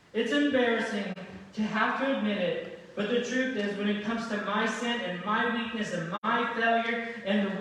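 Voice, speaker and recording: A man's voice: high-pitched, fairly bright tone. A male pastor preaching a sermon in a conversational way, often asking the congregation rhetorical questions. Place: large church sanctuary. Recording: very echoey church hall from far off.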